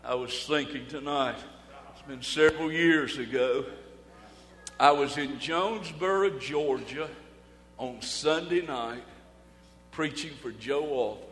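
A preacher tells his story in a folksy, dramatic way, dropping to a hush and then rising again. His voice is bright and cutting, and it rings through a long reverberant hall with a faint hum underneath. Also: medium pitch. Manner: folksy, dramatic pauses, swings from loud to hushed. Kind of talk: storytelling sermon.

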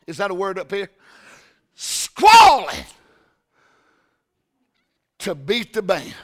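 An older man preaching a sermon, telling stories and often breaking into shouts. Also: high-pitched, fairly quick. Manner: folksy, shouting and storytelling.

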